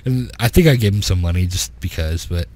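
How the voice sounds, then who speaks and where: Low-voiced man telling a rambling story. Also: expressive, brisk, darkish tone, no room sound. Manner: rambling, laughs often while telling a story. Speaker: podcast host. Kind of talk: casual storytelling chat.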